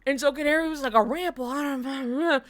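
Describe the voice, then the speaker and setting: High-voiced woman telling a story. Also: a little fast. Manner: animated storytelling, swears a lot, bursts into laughter. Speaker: streamer. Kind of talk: casual chat.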